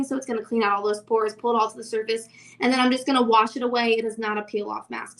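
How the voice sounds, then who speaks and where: A woman's voice: fairly high pitch, fairly bright tone. Bubbly young woman demoing skincare. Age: 20s. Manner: bubbly, enthusiastic. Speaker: skincare demo host. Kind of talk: casual live product demo.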